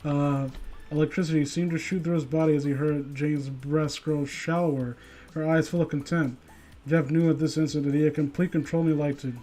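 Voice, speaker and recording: A man's voice: on the high side, fairly even intonation, brisk, mellow, faint music behind. A young man giving a comedic reading of a story, breaking off into sweary, incredulous rants. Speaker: reader and commentator. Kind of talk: comedic dramatic reading with commentary.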